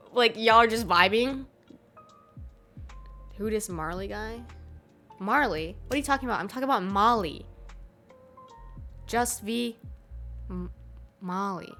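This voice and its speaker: A woman's voice: on the high side, pushed and bright. A young American woman streaming, chatting casually with her live chat, laughing often and swearing freely.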